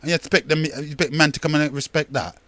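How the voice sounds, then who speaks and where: A man's voice: a little high, fairly even intonation, fast, a bit bright, no echo. An older man, hosting a radio talk show in a rambling, emphatic monologue that repeats words and addresses listeners as brethren.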